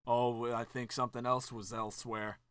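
A man joking through gameplay commentary, reading the game's lines aloud and jumping between loud outbursts and mumbled asides. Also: medium pitch, level tone, clear, resonant tone, dry recording. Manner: goofy, jokey, quick swings from loud to mumbled. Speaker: let's play commentator.

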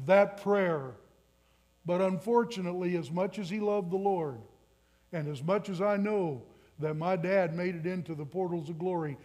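A man's voice: on the high side, darkish tone. A man in his twenties preaching a sermon in a church, telling a personal story earnestly and building to emphatic appeals. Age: 20s. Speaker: pastor. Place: church sanctuary.

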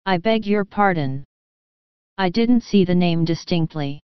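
Tender middle-aged German professor, read by a woman; slow, kindly, smooth, dull dry recording. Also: lowish voice, no echo, close to an everyday voice. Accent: German accent as put on. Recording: dull, dry studio audio.

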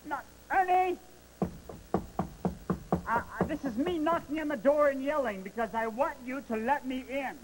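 A man's voice: very high-pitched, normal speed, long pauses, noisy background. A man voicing Bert, a fussy, easily exasperated male puppet roommate with a nasal, fretful voice in a children's TV puppet sketch. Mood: frantic. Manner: nasal, fretful, spirals into frantic yelling.

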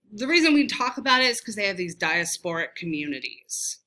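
A woman's voice: on the low side, pushed and bright. A woman teacher with a Southern US accent, giving a casual, chatty review lecture and often poking fun at her own pronunciation. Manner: casual, self-deprecating, chatty with fillers.

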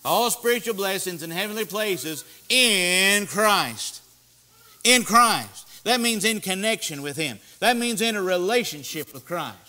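A man's voice: high-pitched, expressive, measured pace, pushed and bright. A man preaching a sermon in a church, earnest and repetitive, asking his listeners questions. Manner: earnest, repeats key words, asks the audience questions.

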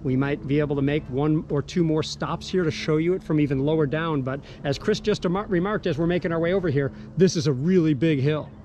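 A man's voice: on the high side, quick pace, hardly any pauses, a little mellow, slight background noise. A man leading an outdoor walking tour on a hillside, eagerly pointing out the sights, recorded on a body-worn action camera. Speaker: battlefield tour guide.

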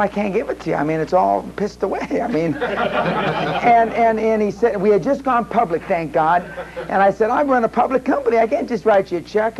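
High-voiced man telling a rambling story. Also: gravelly, a little mellow, slight background noise, rough recording. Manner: rambling, many restarts and fillers. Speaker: seminar speaker. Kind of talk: storytelling to a live audience. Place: seminar room.

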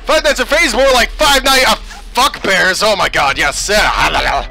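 A man giving let's play commentary, excitable and swearing as he yells at the game. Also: high voice, moderate pace, vocal fry, faint music behind, low-quality recording.

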